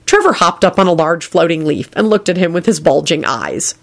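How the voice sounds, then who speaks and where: A woman reading a story aloud with an expressive, animated delivery that moves a lot in pitch. Her voice sits fairly low for a woman. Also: brisk, vocal fry. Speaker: narrator.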